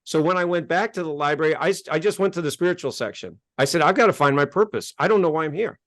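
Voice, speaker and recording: A man from the United States, a self-help author telling his life story as an interview guest, animated and acting out conversations. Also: on the high side, fast, no room sound, clean studio sound. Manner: animated, gets worked up and acts out exchanges.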